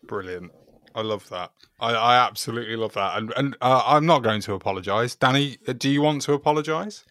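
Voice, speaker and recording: A man's voice: mid-range voice, a little fast, bright, forceful tone, no echo. Guy on a podcast, teasing, chuckly, dry close sound. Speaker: podcast co-host. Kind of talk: casual chat.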